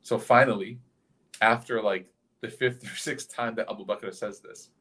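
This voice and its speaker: A male religious teacher giving a storytelling sermon in a lively, conversational way, often turning to ask the listeners questions. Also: on the low side, normal speed.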